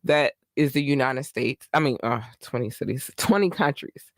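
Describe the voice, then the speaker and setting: A man from Baltimore hosting his own podcast, talking in a chatty, rambling and effusive way with bursts of excitement. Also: medium pitch, moderate pace, no room sound, studio quality. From Baltimore, Maryland. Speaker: podcast host. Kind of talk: casual solo podcast monologue.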